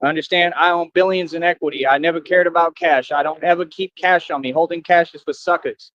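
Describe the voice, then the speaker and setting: Man, brash livestream rant, rapid-fire delivery, dry close mic, dull lo-fi audio. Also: a little high, steady tone, a bit bright, no echo. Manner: brash, confrontational, slangy trash talk.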